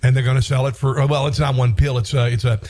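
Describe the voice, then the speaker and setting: A man's voice: mid-range voice, little pitch movement, fast talker, darkish tone. A man hosting a political talk show, delivering an indignant, rambling commentary monologue with frequent restarts and bursts of outrage.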